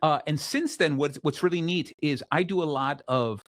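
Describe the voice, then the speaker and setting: A man's voice: fairly high pitch, moderate pace, dry recording. A man hosting his own talk show, telling stories with energy and frequent restarts. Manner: energetic storytelling, many restarts. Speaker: host. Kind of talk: casual chat.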